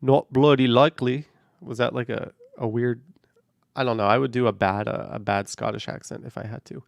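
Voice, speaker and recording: A man's voice: on the low side, fairly even intonation, brisk, vocal fry, no room sound, clean studio sound. A man hosting a casual livestream from a car while driving, reading viewer comments in an offhand, rambling way. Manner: offhand, rambling, hedges with "I don't know". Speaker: livestream host. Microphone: camera on a car mount.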